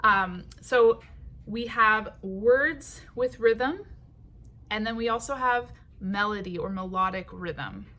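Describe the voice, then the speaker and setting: A woman teaching songwriting in a patient, unhurried way, with many ums and short sung phrases. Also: medium pitch, animated, sharp tone.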